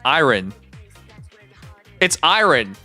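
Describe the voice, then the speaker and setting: A Canadian livestreamer chatting casually, animated and mock-indignant, swearing freely. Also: mid-range voice, takes it slowly, soft background music. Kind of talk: casual live-stream chat.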